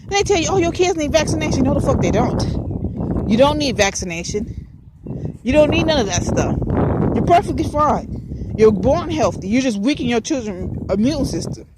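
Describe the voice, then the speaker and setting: Woman, host, high-pitched, very animated pitch, profane preachy rant. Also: normal speed, very noisy. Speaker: podcast host. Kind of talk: ranting spoken monologue.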